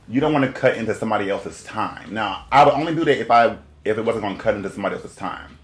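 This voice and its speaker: A man with a lowish voice runs a casual gossip commentary, reacting to clips with animated chatter and frequent laughs. The room rings with echo, and faint music sits under him.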